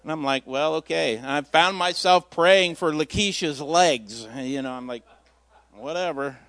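A man's voice: fairly high pitch, moderate pace, a bit bright, dry recording. A man, a lay preacher, giving an informal sermon in a folksy, storytelling way with self-deprecating humor. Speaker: lay preacher filling in at church.

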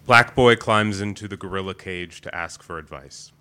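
Male spoken-word poet, low voice with a sharp edge, measured delivery. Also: clear, resonant tone. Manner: measured, deliberate reading. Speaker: open mic poet. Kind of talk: spoken-word poetry performance.

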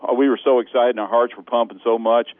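A man from Texas calling in to a radio show by phone, telling a story in a lively way and laughing often. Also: mid-range voice, fast talker, no room sound. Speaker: caller. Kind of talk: animated storytelling on a phone call. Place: phone call. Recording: tinny phone line.

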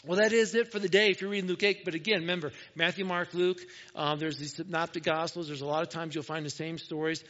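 A man preaching a sermon, retelling a gospel story in a casual, conversational way and often dropping to a soft, hushed voice. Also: a little high. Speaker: pastor. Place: church sanctuary. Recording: dull, lo-fi church recording with long hall reverb.

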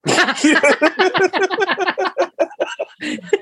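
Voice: very high-pitched, drawn-out words, a bit bright. A podcast co-host in casual comedy chat, giggling and laughing a lot.

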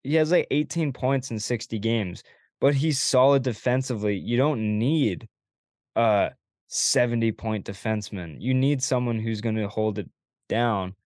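A man hosting a casual sports podcast, relaxed and agreeable, laughing often and passing questions to guests. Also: mid-range voice, moderate pace, dry recording, studio quality. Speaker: podcast host.

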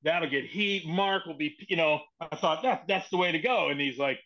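A man's voice: a little high, moderate pace, bright, forceful tone. A man who is a guest on a podcast tells a backstage story in a casual, profane way and acts out the quoted dialogue. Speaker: podcast guest, former wrestling writer. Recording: muffled lo-fi sound.

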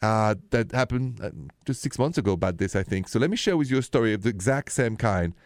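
A man's voice: on the low side, animated, fast, no room sound, studio quality. A man, hosting a late-night radio call-in show and confiding about his own dating life. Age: 50s. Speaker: radio host.

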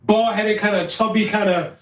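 A man with a high-pitched voice tells a rowdy story on a podcast, laughing as he goes and acting out every voice in it. He sits well back from the mic in an echoey room, and a faint hiss runs underneath. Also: moderate pace, distant mic. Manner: animated, acts out quoted voices, laughs often. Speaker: podcast host. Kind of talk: casual storytelling.

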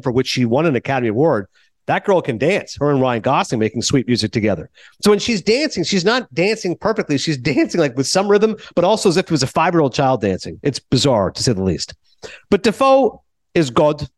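A man hosting a podcast in casual chat, animated and talkative, jumping from thought to thought. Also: on the high side, a little fast, no room sound. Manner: animated, chatty, jumps between thoughts. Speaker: podcast host.

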